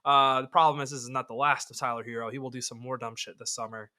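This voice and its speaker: A man co-hosting a podcast in casual sports chat, animated and quick to laugh, swearing casually. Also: medium pitch. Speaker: podcast co-host.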